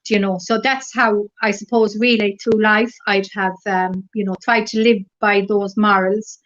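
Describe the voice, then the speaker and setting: A middle-aged woman with an Irish accent, a guest in a casual interview, telling stories gently and rambling through lots of fillers. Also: medium pitch, level tone, a little slow. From Ireland. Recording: dull lo-fi recording.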